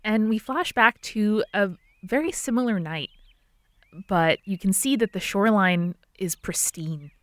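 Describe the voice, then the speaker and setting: A woman narrating a scene calmly as a player in a tabletop game. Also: medium pitch, unhurried, dry recording.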